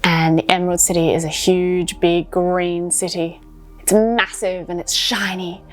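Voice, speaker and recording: A woman's voice: fairly low pitch, little pitch movement, unhurried, faint music behind. Upbeat woman leading kids' yoga. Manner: upbeat, encouraging, instructive. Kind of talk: storytelling yoga lesson for children.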